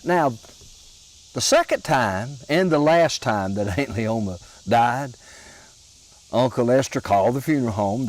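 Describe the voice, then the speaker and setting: An older man from Alabama with a Southern accent, telling homespun humorous stories in a slow, drawling way with chuckles. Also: medium pitch, rough recording. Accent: Southern American. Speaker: storyteller. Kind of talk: folksy humorous storytelling.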